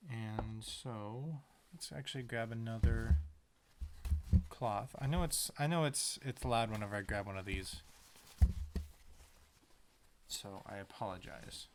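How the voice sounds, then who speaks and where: A man's voice: fairly low pitch, a little slow, pauses often, slight background noise. A man casually narrating as he paints a tiny picture, rambling to himself with playful sound words. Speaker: painter and video maker.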